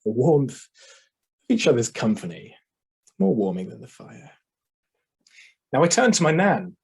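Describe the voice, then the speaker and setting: Male contest speaker, husky mid-pitched voice, deliberate oratory with pauses, video-call sound. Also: big pitch swings, darkish tone. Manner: measured, oratorical, dramatic pauses. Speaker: speech contestant. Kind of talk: competition speech.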